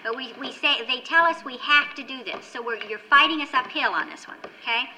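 A middle-aged woman chairing a legislative committee hearing, brisk and directive as she runs the meeting. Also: high voice, bright, forceful tone, slight background noise, low-quality recording.

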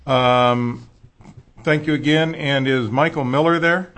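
A man chairing a legislative hearing, moving things along in a brisk, polite way. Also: medium pitch, very noisy. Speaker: committee chair.

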